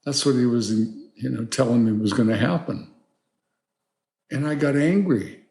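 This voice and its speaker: Gravelly older man telling stories. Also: mid-range voice, measured pace, reverberant. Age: 70s. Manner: rambling, animated storyteller with many "you know"s. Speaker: guest, filmmaker. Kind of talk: storytelling interview.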